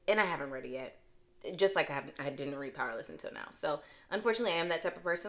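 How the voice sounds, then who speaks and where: A young woman chatting casually as a book vlogger, gushing and expressive, with dramatic swings in pitch and volume. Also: fast talker. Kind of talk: casual chat.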